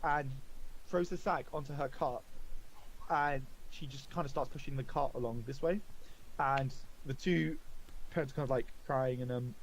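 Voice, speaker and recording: A man narrating as game master in a casual, halting way, full of fillers and quick laughs. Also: mid-range voice, fairly even intonation, a little hiss or hum, poor audio.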